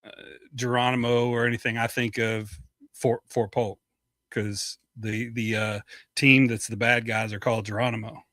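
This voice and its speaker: A man's voice: mid-range voice, flat delivery, normal speed, fairly bright tone, no echo. A man who was a senior NCO, co-hosting a podcast in reflective, hesitant casual chat. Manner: reflective, hesitant, many restarts.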